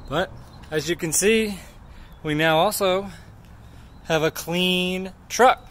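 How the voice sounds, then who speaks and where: A man's voice: high-pitched, a bit bright. A man demonstrating a cleaning job at a truck shop, explaining each step plainly in a how-to video. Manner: slow, plain instructional talk. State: out of breath.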